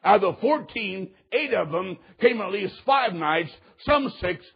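A man preaching a sermon, telling a story in an animated way that swings from loud outbursts to hushed moments. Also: sits high, unhurried, creaky, breathy edge, highs cut off.

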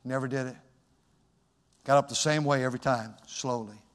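A man preaching a sermon in a church, fervent and building to shouts. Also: mid-range voice, steady tone, normal speed, long reverb tail.

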